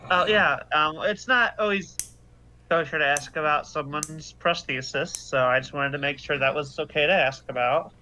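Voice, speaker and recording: A man's voice: a little high, moderate pace, sharp tone, slight background noise, low-quality recording. A man playing a tabletop game, speaking in character in a hesitant, stammering way. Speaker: player.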